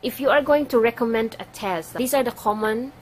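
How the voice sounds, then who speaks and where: A woman teaching a language lesson for medical staff. She explains each phrase patiently and repeats it slowly. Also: fairly high pitch, a little hiss or hum, low-quality recording.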